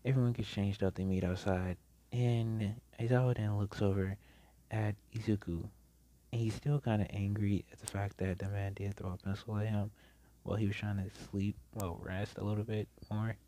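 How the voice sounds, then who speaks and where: A man's voice: fairly low pitch, fairly even intonation, moderate pace, mellow, a little hiss or hum. A man casually narrating a fan story, rambling along with frequent restarts.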